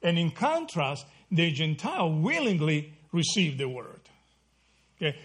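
Husky-voiced man teaching scripture. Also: a little high, sing-song, a little slow. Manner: conversational, checks in with "okay?" and "right?"; self-correcting, restarts mid-phrase. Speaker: Bible teacher. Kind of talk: sermon Bible study.

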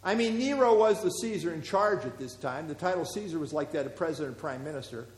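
Male pastor, high-pitched, chatty verse-by-verse sermon, long reverb of a large hall. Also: animated, fast. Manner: conversational, with fillers and asides. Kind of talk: expository Bible teaching. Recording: echoey hall.

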